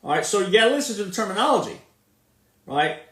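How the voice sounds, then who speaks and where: A man's voice: high-pitched, big pitch swings, fast talker, fairly bright tone. A man with a Southern accent giving an emphatic, repetitive monologue, drawing his words out as he makes his points. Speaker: commentator. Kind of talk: casual monologue. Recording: echoey room, speaking from off the mic.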